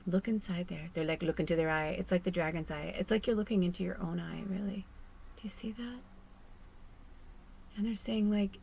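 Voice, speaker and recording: A woman's voice: medium pitch, normal speed, vocal fry, a little hiss or hum, rough recording. Earnest rambling woman doing a psychic reading. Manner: earnest, emotional, rambling with many fillers. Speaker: psychic tarot reader. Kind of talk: channeled collective reading.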